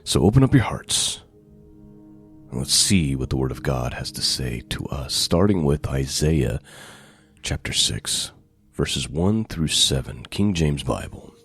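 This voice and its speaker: Very deep, slow-speaking male preacher. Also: sing-song, a bit bright, faint music behind. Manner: slow, deliberate, emphatic repetition. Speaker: pastor. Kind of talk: sermon with scripture reading.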